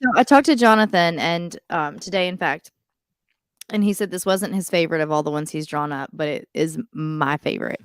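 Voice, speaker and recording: A woman's voice: low voice, normal speed, no echo. Female co-host, chatty and digressive, dry close mic. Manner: chatty, digressive, laughs easily. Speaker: podcast co-host. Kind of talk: casual chat.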